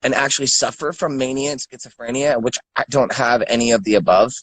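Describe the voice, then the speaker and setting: A man's voice: medium pitch, fairly quick, a bit bright, rough recording. An angry man in his thirties ranting with lots of swearing and stammered repeats. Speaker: guest. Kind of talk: angry rant.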